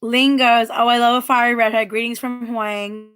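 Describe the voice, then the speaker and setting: Woman in her thirties, livestream host, reads chat aloud, giggly, bright and fairly high voice. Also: flat delivery, normal speed, clear, resonant tone. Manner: chatty and giggly, laughs often. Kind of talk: casual chat reading viewer comments aloud.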